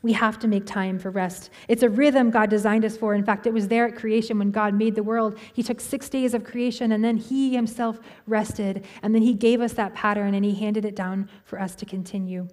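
A woman's voice: medium pitch, steady tone, moderate pace, few pauses, a little mellow, big-room sound. A woman pastor giving a conversational sermon, often restarting her sentences and using fillers.

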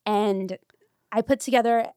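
Animated woman podcast host, dry close sound. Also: medium pitch, a little slow, smooth, dry recording. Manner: animated, gushing storyteller. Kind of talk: casual interview chat.

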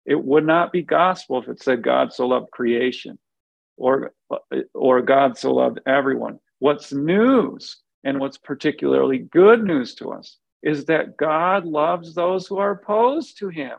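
A man's voice: fairly high pitch, lively intonation, a little slow, creaky, dry recording, lo-fi sound. A man co-hosting a podcast, explaining a Bible passage in an earnest, conversational way, restarting his sentences often as he thinks aloud. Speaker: podcast co-host.

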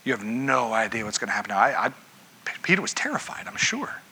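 A male pastor delivers an interactive sermon, talking casually and throwing questions out to his listeners. His voice is very bright and sharp-edged, with a noticeably husky grain. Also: mid-range voice, very animated, fast talker. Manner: conversational, asks the listeners questions.

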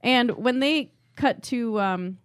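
A woman's voice: fairly high pitch, slow, dry recording, clean studio sound. A young woman in casual chat, animatedly recapping a TV episode and acting out the characters' lines. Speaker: podcast co-host.

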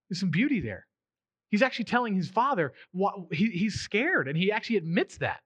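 A man's voice: high-pitched, sing-song, a little fast, fairly bright tone, husky, no room sound. A man in his thirties or forties preaching a sermon in a conversational way, acting out the quotes he tells. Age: 30s to 40s. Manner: conversational, acts out quotes in voices. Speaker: pastor.

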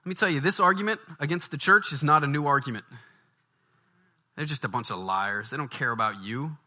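A man's voice: on the high side, fairly quick, bright, forceful tone. A man from Baton Rouge, preaching a conversational sermon. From Baton Rouge, Louisiana, US. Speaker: pastor.

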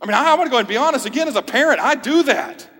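A man's voice: extremely high pitch, animated, racing, sharp tone, breathy edge, long reverb tail. A man in his thirties, a pastor, preaching a sermon in a conversational way with joking asides. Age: 30s.

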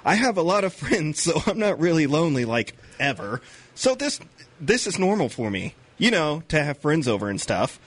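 A man's voice: a little high, big pitch swings, moderate pace, husky, no room sound. A man playing a clingy, lonely young man who insists he is popular, in an eager, overly sweet comedy sketch voice.

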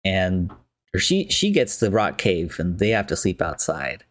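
A man with a low voice rambles through a film recap, full of fillers and asides. He speaks close to the microphone in a dry, dead room at home. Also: sing-song, unhurried, no echo. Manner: rambling, filler-heavy, chatty. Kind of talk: casual plot recap.

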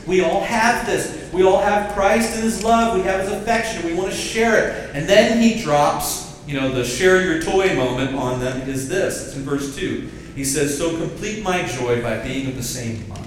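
A pastor delivers a lively sermon, pulling the congregation into call-and-response. His voice sits a little high for a man. He is caught from some distance, in a church hall with heavy echo. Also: normal speed, slight background noise. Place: church sanctuary.

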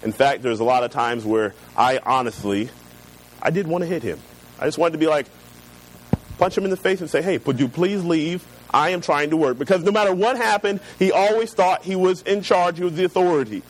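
A man preaching a sermon, reading scripture slowly and then telling personal stories in a relaxed, conversational way. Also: a little high, poor audio. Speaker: pastor.

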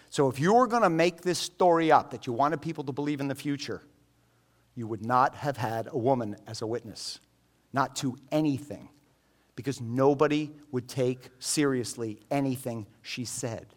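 A man preaching a sermon in an animated, joking storytelling manner. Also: medium pitch, normal speed. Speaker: pastor.

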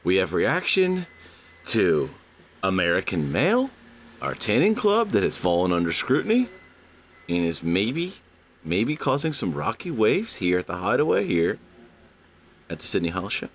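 A man hosting a casual comedic podcast, talking to listeners in an animated, playful way with drawn-out emphasis. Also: low voice, a little hiss or hum. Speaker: podcast host.

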